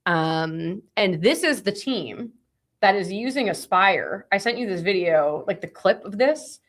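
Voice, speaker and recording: A woman's voice: medium pitch, lively intonation, unhurried. A woman co-hosting a live stream, chatty and bubbly, often laughing. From Boston area. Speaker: livestream co-host. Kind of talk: casual live-stream chat.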